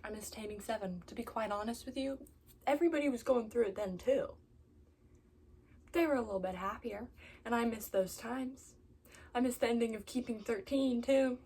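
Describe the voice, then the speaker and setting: A woman vlogging casually about a book she is reading, upset and near tears, dropping to soft whispers and then rising to exasperated outbursts. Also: on the high side, normal speed, slight background noise. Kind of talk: reading vlog, casual talk to camera.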